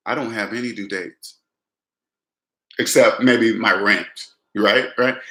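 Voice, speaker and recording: Talking to camera in an echoey room, the finance vlogger keeps things conversational, circling back over the same phrases and addressing his viewer as "man." His voice is mid-range and bright.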